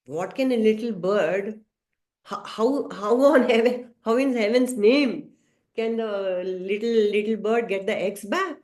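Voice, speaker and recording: A woman teaching a scripture study class, telling a story gently with some hesitant fillers. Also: medium pitch, measured pace. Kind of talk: storytelling lesson. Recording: roomy echo.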